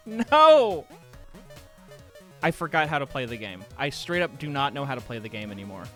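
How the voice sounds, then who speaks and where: Streamer, self-deprecating and exasperated, middle pitch, faint music under the talk. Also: quick pace, fairly bright tone. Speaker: podcast host streaming a video game. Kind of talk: casual game-stream chat.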